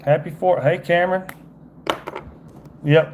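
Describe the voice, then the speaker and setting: A man's voice: a little high, animated, takes it slowly, noisy background. A man from Georgia with a Southern accent, a fishing guide giving a casual, folksy fly-tying demonstration on a livestream and chatting to his viewers. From Georgia, USA. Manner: folksy, chatty, keeps calling viewers "y'all".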